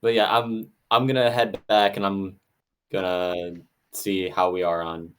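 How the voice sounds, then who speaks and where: A man with a fairly low voice chats while he plays a tabletop game. He talks excitably and rambles, piling up fillers as he describes what his character saw. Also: a little slow, smooth. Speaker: player. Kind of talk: casual chat while playing a tabletop game.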